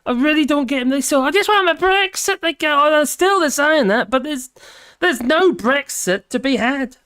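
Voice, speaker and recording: A woman's voice: high-pitched, moderate pace, a bit bright, dry recording. Woman, live stream chatter, tired, rambling and grumbly, dry close sound. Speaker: live streamer reading chat comments. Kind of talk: casual live-stream chat.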